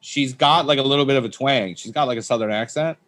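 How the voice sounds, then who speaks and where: A stand-up comedian as a podcast guest, telling casual, swear-laden anecdotes in loose, rambling chat. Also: male voice, mid-range voice, fast talker, a bit bright.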